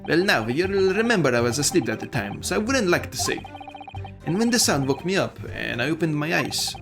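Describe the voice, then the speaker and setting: A man's voice: fairly high pitch, big pitch swings, brisk, vocal fry. A man voicing a shrewd middle-aged moneylender in a put-on Irish accent, sly and folksy, over game music. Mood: wily. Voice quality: folksy, sly, rolling phrases.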